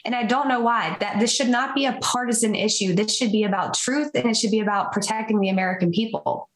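A woman's voice: fairly high pitch, quick pace, reverberant, poor audio. A woman guest in a casual talk, earnest and opinionated, with hesitant fillers. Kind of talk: casual chat.

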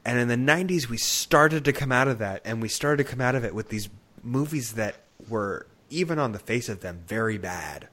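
Man, podcast co-host, casual conversational tone, medium pitch. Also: expressive, normal speed, hardly any pauses, a bit bright. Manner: conversational, musing about film history. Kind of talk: casual chat.

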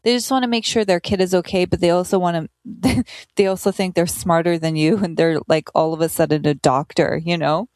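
A woman's voice: on the low side, steady tone, fairly quick, a little mellow, no room sound. A woman comedian chatting casually in an interview, filling her talk with "like.". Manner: chatty, lots of "like" fillers. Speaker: comedian guest.

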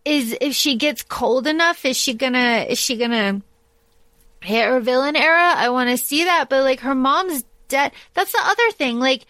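A woman's voice: high voice, moderate pace, fairly bright tone, no room sound. A woman co-hosting a book podcast in casual chat, blunt and swearing freely, acting out scenes as she retells them. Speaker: podcast co-host.

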